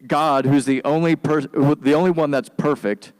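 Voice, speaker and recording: A man preaching a sermon as pastor, in a relaxed, slangy, conversational way, and he sometimes acts out quick lines for the people in his stories. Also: fairly high pitch. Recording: long hall reverb.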